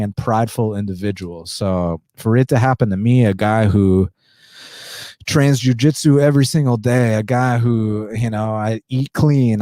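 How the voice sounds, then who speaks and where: Breathless man talking low and warm. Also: no echo, clean studio sound. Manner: subdued indoor voice, blunt and profane. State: short of breath, pausing for deep breaths. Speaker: podcast host. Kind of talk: casual podcast monologue.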